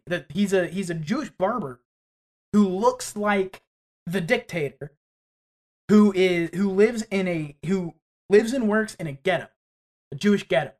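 A woman's voice: mid-range voice, measured pace, long pauses, a little mellow. Woman co-host, blunt and profane, casual talk. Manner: blunt, swears freely, repeats herself. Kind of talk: casual political chat.

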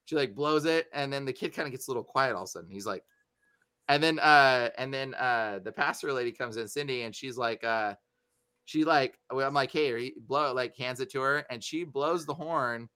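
Animated bright-voiced man telling a story. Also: medium pitch, a little fast, clean tone, no echo. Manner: animated, acts out voices in his stories. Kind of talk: casual storytelling.

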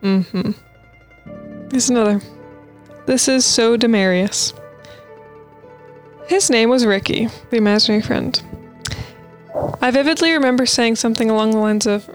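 High-voiced woman reading spooky stories. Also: normal speed, pauses often, faint music behind. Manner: reads posts aloud with playful asides and laughs. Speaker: podcast co-host reading listener stories. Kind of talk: casual podcast chat, reading stories aloud.

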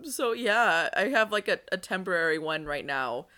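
Young woman co-host, chatty storyteller, lowish and bright voice. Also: animated, moderate pace. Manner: storytelling with "like", laughing. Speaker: podcast co-host. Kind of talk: casual chat.

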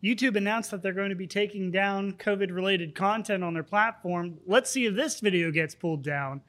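A man's voice: high voice, moderate pace, fairly bright tone. A man hosting a casual podcast, joking and bantering with his guests. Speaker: podcast host.

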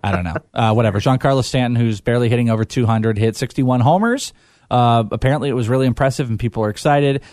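A man's voice: mid-range voice, fast, a little mellow, no room sound, clean studio sound. A man hosting a casual sports chat, rambling and hesitant with lots of fillers. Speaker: podcast host.

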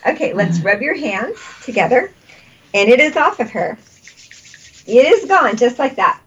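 A woman's voice: fairly high pitch, sing-song, measured pace, a bit bright, slightly rough, lo-fi sound. A woman leading a guided energy healing session, soothing and repeating breathing cues, laughing often. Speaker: energy healer.

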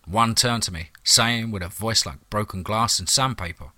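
A man tells a first-person monster-hunting tale in a wry, hard-boiled, profane way. His voice sits low and has a bright, sharp edge. The recording is dry and close. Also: normal speed, hardly any pauses, dry recording. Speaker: storyteller. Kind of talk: first-person horror story narration.

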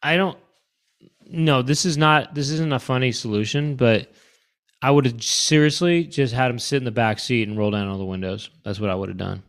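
A man's voice: mid-range voice, moderate pace, a bit bright. A man co-hosting a comedy podcast, riffing in casual chat with playful bits. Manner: joking, riffs with playful bits and laughs. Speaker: podcast co-host.

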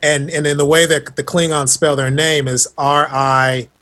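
A man's voice: a little high, level tone, moderate pace, bright, forceful tone. A man chatting casually on a podcast, laid-back and fond of jokes and puns. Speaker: podcast co-host. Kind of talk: casual chat.

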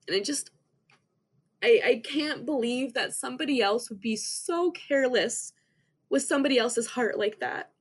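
Young woman guest, earnest and halting, slightly high voice, heartfelt personal account. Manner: earnest, halting, many restarts and fillers. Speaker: podcast guest. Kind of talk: emotional personal story.

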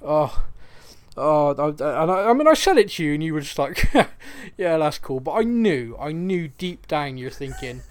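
A podcast co-host with a Bristolian accent, from Bristol, England, speaks at normal speed in a fairly high-pitched voice. Chatting casually, he tells an animated story and keeps breaking into laughs.

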